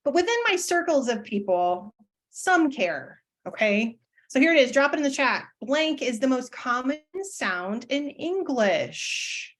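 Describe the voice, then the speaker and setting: A woman's voice: high voice, very animated, a little slow. A woman teacher presenting an online webinar in a chatty, self-deprecating way, with many fillers and restarts.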